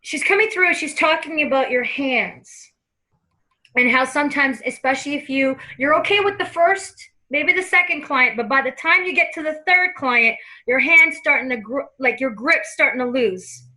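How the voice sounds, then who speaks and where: Bright, high-voiced chatty woman medium. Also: normal speed, low-quality recording. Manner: chatty and laughing, acts out the spirit's lines. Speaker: psychic medium. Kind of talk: live reading conversation.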